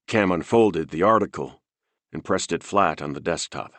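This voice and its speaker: A man narrating a thriller audiobook in a steady, measured reading. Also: sits low, dry recording.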